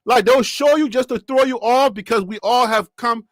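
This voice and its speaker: High-voiced man reacting live to a game. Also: normal speed, no room sound, studio quality. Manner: animated, talks straight to chat, rambling; shouting and cheering with joy. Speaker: live stream sports reaction host.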